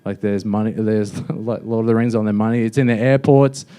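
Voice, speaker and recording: A man's voice: fairly low pitch, steady tone, brisk, warm tone, clear, resonant tone. A young man doing a mocking stand-up roast in a comedy club, with a loose, offhand delivery full of fillers. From Australia.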